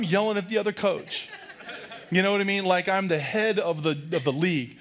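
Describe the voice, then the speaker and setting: A middle-aged man, a pastor, preaching a lively sermon with loud, humorous storytelling. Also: high-pitched, brisk, slight background noise.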